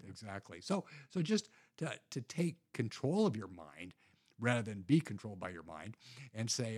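Man, husky voice, earnest, conversational teaching, frequent restarts. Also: fairly low pitch, sing-song, normal speed, darkish tone. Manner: earnest, repeats words with restarts.

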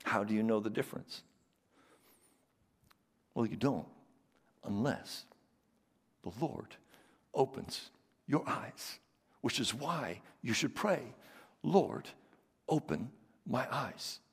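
A man's voice: medium pitch, expressive, takes it slowly, pauses often, breathy edge. Man preaching in a reverberant hall. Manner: preaching with rising emphasis and repeated phrases. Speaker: pastor. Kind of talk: sermon.

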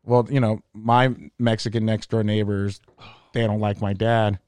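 Dude telling a raunchy story on a podcast, swears a ton, dead dry mic. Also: male voice, lowish voice, measured pace, clean tone, no room sound. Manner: profane, animated storyteller. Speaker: comedian podcast host. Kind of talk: casual storytelling chat.

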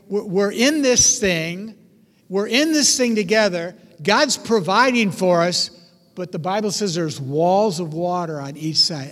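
High-pitched guy preaching, acts out the people in his stories, echoey hall. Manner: animated storytelling, acts out voices. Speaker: pastor. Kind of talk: sermon.

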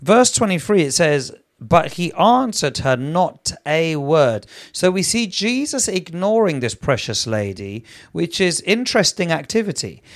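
A man teaching from the Bible on a live broadcast, reading scripture aloud and growing emphatic. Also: fairly high pitch. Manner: reads scripture aloud, grows emphatic, prays in tongues. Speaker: preacher.

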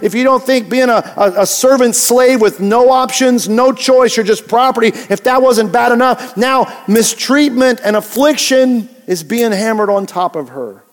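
Male pastor, sermon, high voice, conversational and emphatic, echoing church hall. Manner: conversational, emphatic, repeats key words.

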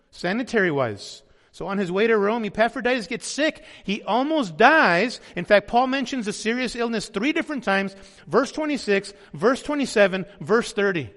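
High-voiced male pastor preaching. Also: a bit bright. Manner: emphatic, asks the audience questions. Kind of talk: sermon. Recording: long hall reverb.

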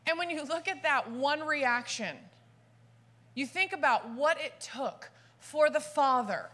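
Southern woman, conference speaker, sermon style, animated storyteller with a bright, sharp tone. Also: a little high. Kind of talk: sermon with personal stories.

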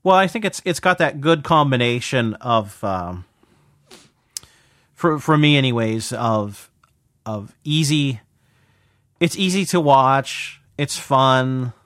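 A man's voice: medium pitch, lively intonation, slow pace, long pauses, fairly bright tone, dry recording. A man with a mid-range voice co-hosts a podcast, talking in an easygoing, hesitant way with lots of fillers. The sound is dry and close, with no room around it. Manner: laid-back, hesitant with many fillers. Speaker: podcast co-host. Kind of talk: casual chat.

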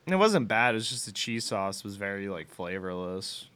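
A young man from Illinois co-hosting a podcast in casual chat, crude and teasing with loud bursts. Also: on the low side, sing-song, moderate pace, clear, resonant tone. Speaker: podcast co-host.

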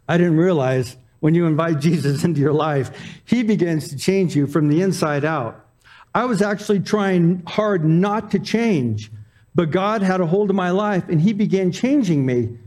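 A man's voice: high voice, darkish tone. A man preaching a sermon, telling self-deprecating personal stories in a conversational way. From Arizona. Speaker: pastor.

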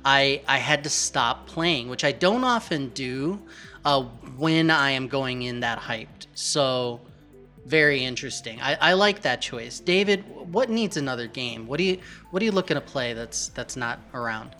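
A man's voice: mid-range voice, lively intonation, moderate pace, sharp tone, faint music behind. A man hosting a gaming podcast, opening with playful hype-building announcer flair, then chatting casually. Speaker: podcast host.

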